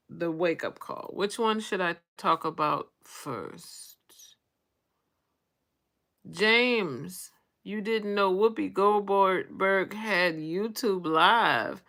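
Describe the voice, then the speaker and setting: Slow-talking older woman chatting on a livestream. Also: medium pitch, a bit bright. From United States. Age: 60s. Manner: chatty, reads viewer names aloud. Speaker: vlog host. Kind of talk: casual livestream chat. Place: bedroom. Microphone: phone.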